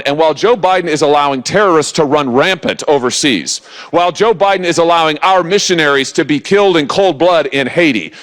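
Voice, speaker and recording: A man's voice: fairly high pitch, a bit bright. A man in his forties, a senator giving a political rally speech to a live audience, emphatic and rousing, with lots of repetition.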